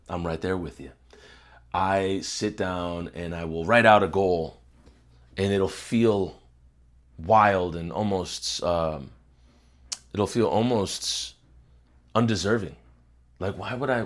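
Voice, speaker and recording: A young man hosting his own channel, giving a reflective motivational talk to camera, often repeating words as he searches for them, then stating points firmly. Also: lowish voice. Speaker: host.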